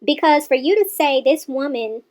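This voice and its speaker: A woman's voice: high-pitched, lively intonation, moderate pace, darkish tone. A woman hosting a reaction channel, giving pointed, sarcastic commentary on a clip.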